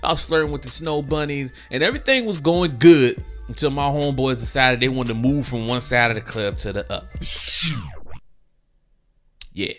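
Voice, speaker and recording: A man's voice: medium pitch, normal speed, pauses often, soft background music. A young man telling a slangy story casually and acting out quotes. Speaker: gaming storyteller. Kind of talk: casual storytelling over gameplay.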